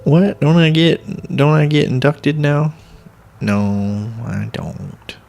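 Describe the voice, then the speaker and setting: A man's voice: a little high, lively intonation, slow, gravelly, darkish tone. A man casually rambling to himself as he plays a video game and records his commentary. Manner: rambling, self-talk while playing. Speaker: let's play host.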